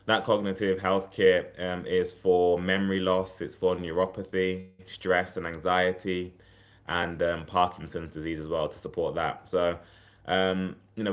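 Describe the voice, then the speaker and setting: Male livestream host, deep voice, loose and chatty, restarts sentences often. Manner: chatty, rambling, many fillers and restarts. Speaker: herbal health livestream host. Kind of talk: casual livestream talk.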